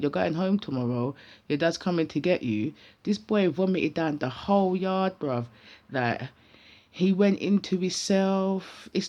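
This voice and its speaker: A woman with a British accent full of London street slang, telling a personal story in an animated, casual vlog. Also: on the low side, muffled recording.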